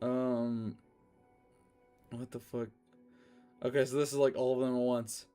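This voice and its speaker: A man's voice: mid-range voice, level tone, a little slow, mellow, soft background music. A man reading fanfiction aloud in a casual comedic way, breaking off to swear and laugh at the writing. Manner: swearing, laughing asides, self-interrupting. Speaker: fanfiction reader.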